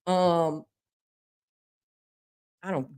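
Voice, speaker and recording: A woman hosting a casual live-stream talk show, chatty and folksy, laughing often as she gives shout-outs to her viewers. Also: lowish voice, fairly even intonation, very slow, clear, resonant tone. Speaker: host of a local news livestream.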